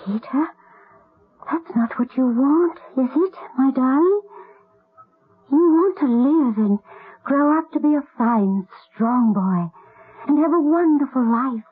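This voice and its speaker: A woman playing a gentle, grieving lady of the house in a 1970s radio drama, breathy and tearful. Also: high voice, expressive, measured pace. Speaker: Lady Emily. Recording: tinny lo-fi old radio broadcast.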